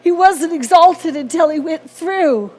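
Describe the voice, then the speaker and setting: Woman preacher, earnest and repetitive, fairly high and slow, light music bed. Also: a little mellow. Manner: earnest, repetitive, ends in prayer. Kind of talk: sermon.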